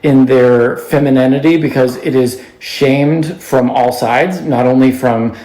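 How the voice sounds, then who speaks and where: A man giving measured, explanatory commentary to camera. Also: mid-range voice, fairly even intonation, mellow. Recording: echoey room.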